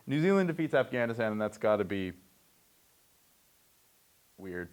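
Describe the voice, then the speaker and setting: A man's voice: lowish voice, animated, moderate pace, pauses often. A young man hosting a comedic sports news report, reading headlines with wry, joking asides.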